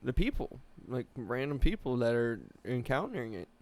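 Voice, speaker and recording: A man's voice: mid-range voice, big pitch swings, normal speed, darkish tone. A man co-hosting a podcast in casual chat, rambling and swearing, slipping into voices as he tells a story. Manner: rambling, swearing, acts out voices in his stories. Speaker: podcast co-host.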